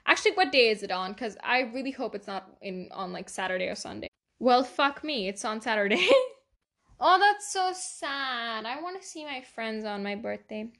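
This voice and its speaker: A woman's voice: fairly high pitch, lively intonation, moderate pace, fairly bright tone. A teenage girl hosting a casual solo podcast, chatty, swearing a lot and laughing often. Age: teens. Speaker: podcast host.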